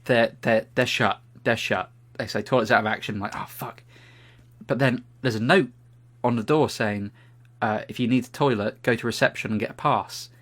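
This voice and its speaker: A man's voice: mid-range voice, fairly quick. British man telling a story. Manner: animated anecdote telling, swearing freely. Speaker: podcast co-host. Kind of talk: casual storytelling chat.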